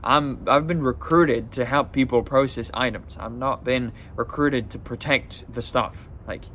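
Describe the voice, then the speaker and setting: Man ranting casually, mid-pitched voice. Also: a little slow, fairly bright tone, a little hiss or hum. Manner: profane, exasperated, many fillers. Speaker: vlogger. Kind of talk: casual storytelling rant.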